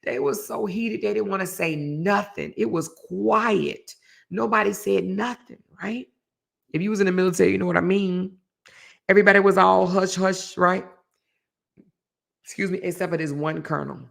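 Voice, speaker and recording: A middle-aged woman, hosting a casual live stream and telling a story, acting out quoted voices with sudden high jumps. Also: moderate pace, creaky. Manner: animated storyteller, acts out quoted voices with big pitch jumps. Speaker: host of a live relationship talk show.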